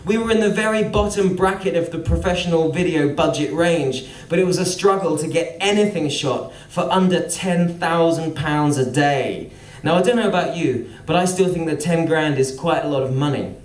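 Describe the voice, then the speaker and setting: A man tells a dry, sardonic story on stage, his voice sitting a little high. The sound is roomy and echoing, with the mic set some way off. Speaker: musician telling a story. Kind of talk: spoken-word storytelling. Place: live venue. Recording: roomy venue, mic at a distance.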